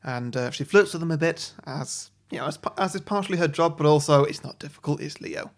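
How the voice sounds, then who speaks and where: A man's voice: fairly high pitch, a little fast. A man, co-hosting a podcast and telling an imagined story casually, with many ums and self-corrections. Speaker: podcast co-host. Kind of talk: casual chat, pitching an imagined sequel plot.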